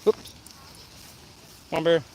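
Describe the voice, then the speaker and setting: A man with a darkish tone takes his time while hosting a casual outdoor livestream from a shady spot by a pool. He chats with viewers and coos at his dog in a lighter, sing-song voice. There's slight background noise, including faint outdoor sounds and geese.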